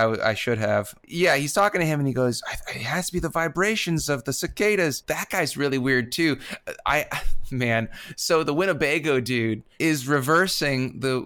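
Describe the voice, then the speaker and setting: A man's voice: medium pitch, fairly bright tone, smooth. A man co-hosting a casual movie podcast, retelling scenes with lots of laughter and swearing. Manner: laughing, profane, retells scenes with put-on quotes. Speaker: podcast co-host. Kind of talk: casual movie-review chat.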